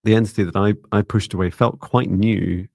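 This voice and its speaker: Gravelly-voiced man hosting a psychic livestream. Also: fairly low pitch, fairly even intonation, fairly quick, darkish tone, no echo, studio quality. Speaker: psychic reader, livestream co-host. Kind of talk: live-stream psychic reading.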